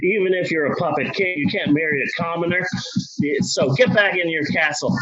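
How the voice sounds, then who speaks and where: A man's voice: on the high side, normal speed, over a noisy crowd, close to an everyday voice. A man voicing bossy male palace officials, scolding a king, over dull lo-fi sound.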